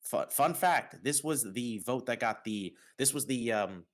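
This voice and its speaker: A man from New York hosting a casual podcast, announcing results with dramatic pauses. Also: mid-range voice, lively intonation. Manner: upbeat, dramatic pauses on reveals. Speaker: host.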